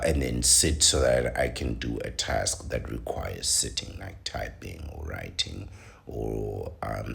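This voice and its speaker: Deep and gravelly, this show host's voice reads an article aloud before veering into preachy, opinionated rants, his emphasis rising as he goes.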